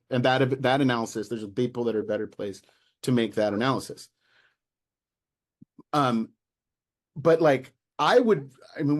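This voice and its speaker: An American man talking as a guest in a casual interview, animated and exasperated, with many restarts and fillers. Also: medium pitch. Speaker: local party official, guest.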